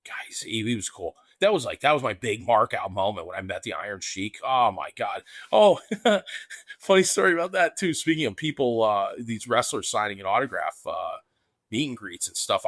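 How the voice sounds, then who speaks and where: A man co-hosting a podcast in casual chat, excitable and rambling, with lots of restarts and "dude.". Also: fairly low pitch, no echo, clean studio sound. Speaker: podcast co-host.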